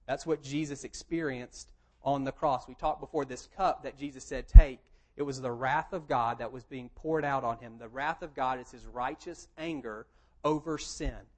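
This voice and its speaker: A man's voice: mid-range voice, normal speed, poor audio. A man preaching a sermon, reading scripture aloud and then explaining it in a plain, conversational tone. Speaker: pastor.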